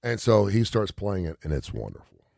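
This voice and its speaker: A man's voice: on the low side, big pitch swings, normal speed, gravelly, darkish tone, no echo, clean studio sound. A middle-aged man hosting a radio talk show, telling a story in an emphatic, rambling, repetitive way.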